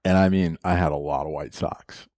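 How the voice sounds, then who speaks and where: Deep-voiced man preaching a personal story. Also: fairly even intonation, moderate pace, a little mellow, no room sound. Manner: storytelling, laughs often, gets emotional.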